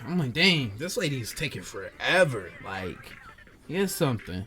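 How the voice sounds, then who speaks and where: A man's voice: medium pitch, fairly quick, faint music behind. A young man hosting a podcast, casually telling a story in slangy talk and acting out the voices of the people in it. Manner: animated, acts out customers' voices in quotes; slangy, addresses listeners directly. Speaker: podcast host.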